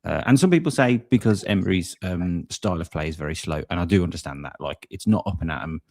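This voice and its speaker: A man's voice: low voice, expressive, fast talker, gravelly, darkish tone. A man co-hosting a live fan chat, talking in an earnest, rallying way over a beer. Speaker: fan channel co-host.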